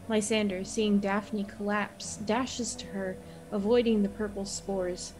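Woman player, steady story recap of a tabletop game, music underneath. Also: medium pitch, a little slow, poor audio. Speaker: player recapping the last episode.

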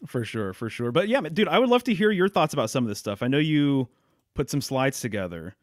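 A man's voice: mid-range voice, a little fast, no room sound, clean studio sound. A man hosting a podcast in casual, agreeable conversation, full of fillers. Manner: relaxed, agreeable, uses lots of fillers. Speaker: podcast host.

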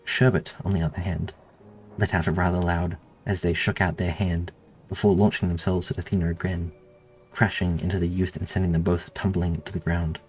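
Man, very deep voice, steady storytelling, faint music underneath. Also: fairly quick. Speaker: author reading own story. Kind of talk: audiobook narration.

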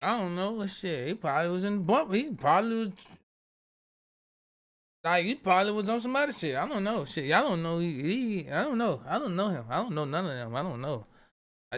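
Reacting to a video, a young man rambles in a bright, high voice. He swears freely and keeps defending himself in loose, casual talk.

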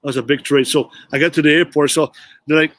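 A man's voice: a little high, fairly even intonation, fast, a bit bright, no echo. A middle-aged man, a former pro hockey player, telling his career story in an interview with earnest, emphatic phrasing. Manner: earnest, repeats "you know what" for emphasis.

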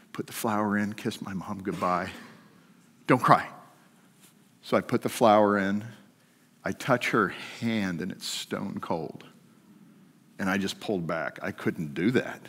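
A middle-aged man telling a personal story during a sermon, shifting between lively and hushed. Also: on the low side. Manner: storytelling, swings from animated to hushed. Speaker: guest speaker. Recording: long hall reverb.

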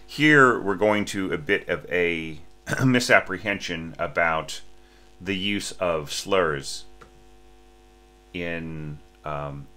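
A man with a very low voice and a bright, forceful edge critiques an orchestration score in a halting way full of restarts and "right?" checks. He sometimes sings or breathes out the phrasing, and he sounds a little sleepy. A faint mains hum runs under the recording. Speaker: orchestration teacher.

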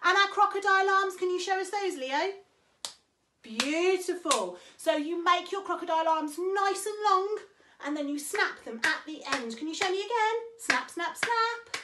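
A woman's voice: very high voice, expressive, normal speed, noisy background. A woman in her thirties, a swimming teacher, leading small children through a playful lesson in a cheerful, sing-song way. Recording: echoey room.

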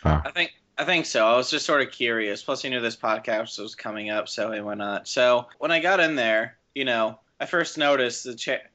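A man's voice: mid-range voice, normal speed, pushed and bright. A man co-hosting a casual podcast, telling a rambling crude story and laughing often. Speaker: podcast co-host. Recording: dull lo-fi mic with faint noise.

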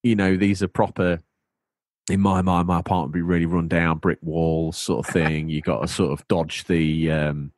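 A man's voice: deep voice, little pitch movement, moderate pace, darkish tone, dry recording. A man hosting a podcast, rambling playfully in casual chat. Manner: playful, rambling, breaks into silly put-on voices. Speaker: podcast host.

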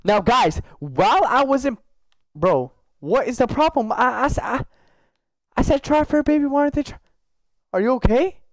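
A man's voice: very high-pitched, lively intonation, moderate pace, no room sound, clean studio sound. A young man giving casual, slangy gameplay commentary, joking and talking to the characters in his game. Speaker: gaming YouTuber.

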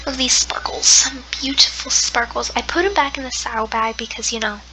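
A young woman commenting on her game play, excitable, gasping often and slipping into soft half-whispered asides. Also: on the high side, a little fast, noisy background. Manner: excitable, gasping, lots of exclamations. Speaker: gamer.

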